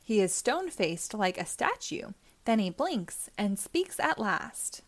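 A woman's voice: medium pitch, sing-song, slow, dry recording. A woman hosting storytime, reading a rhyming children's book aloud in a sing-song manner. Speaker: storytime host.

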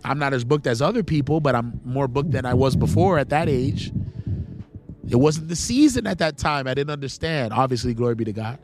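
A man's voice: medium pitch, fairly quick, darkish tone, soft background music. Congested young man preaching outdoors. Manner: earnest, pleading, repeating lines for emphasis. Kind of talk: outdoor video sermon. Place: outdoors in the cold. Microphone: camera facing the speaker.

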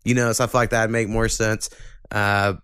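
A man's voice: lowish voice, a little slow, smooth, no room sound, clean studio sound. A man hosting a podcast, chatting casually and ranting with lots of swearing. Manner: profane, ranting, animated when annoyed. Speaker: podcast host.

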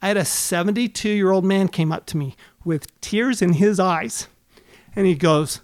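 The man's voice sits high and moves at a moderate pace. He's an accountant running a podcast, delivering motivational talk in an earnest coaching style packed with rhetorical questions.

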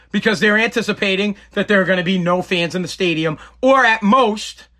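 A man telling a story in a casual, animated rant, acting out quotes and swearing freely. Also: high-pitched, brisk. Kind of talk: casual ranting monologue.

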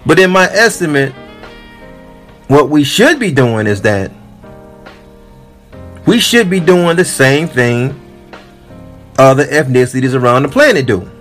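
A man's voice: mid-range voice, lively intonation, measured pace, pauses often, fairly bright tone, soft background music. A man giving emphatic, sermon-like commentary on a video, repeating his points for his audience. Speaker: commentary vlogger. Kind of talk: preachy commentary.

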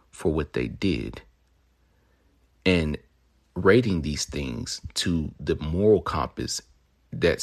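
A man's voice: low-pitched, gravelly, slightly rough. A young man hosting a podcast, talking in a rambling, swaggering, profane monologue, with crude jokes and mock-lecture asides. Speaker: podcast host.

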